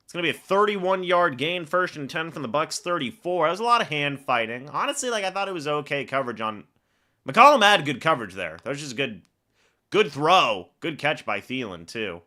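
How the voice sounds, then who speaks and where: A man's voice: fairly high pitch, very animated, fairly quick, sharp tone. A man hosting a live fan reaction stream, calling each play like a broadcaster and chatting to viewers between snaps. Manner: calls plays like a broadcaster, then chats with viewers.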